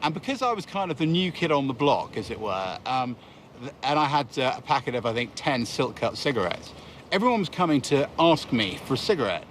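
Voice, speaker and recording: A man's voice: medium pitch, sing-song, brisk, fairly bright tone, a little hiss or hum. A man, a former undercover reporter, speaking reflectively and hesitantly in an interview.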